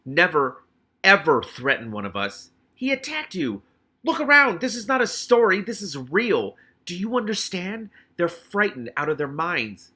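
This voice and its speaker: A man's voice: medium pitch, moderate pace, slightly rough. A man voicing an earnest young man who is protective of the rats, in an audiobook reading. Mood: forceful. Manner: quiet then forceful.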